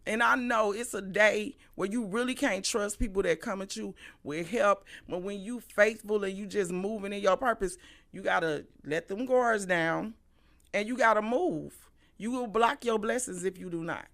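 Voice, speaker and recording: Middle-aged St. woman hosting a stream, sharp-toned, profane, animated storytelling. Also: mid-range voice, normal speed. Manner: animated, profane, swings between loud and hushed. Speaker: livestream host. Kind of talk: casual storytelling monologue.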